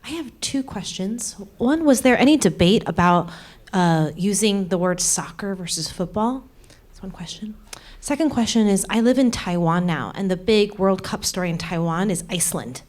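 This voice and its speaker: Woman, audience question, polite, slightly hesitant, mid pitch. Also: lively intonation, moderate pace, darkish tone. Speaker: audience member asking a question. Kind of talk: question from the floor at a live event.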